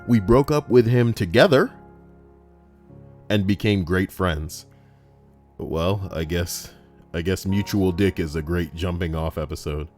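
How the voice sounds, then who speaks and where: A man's voice: sits low, measured pace, pauses often, darkish tone, faint music behind. A young man hosting a comedic commentary, reading online stories aloud, swearing, joking and switching into mock voices.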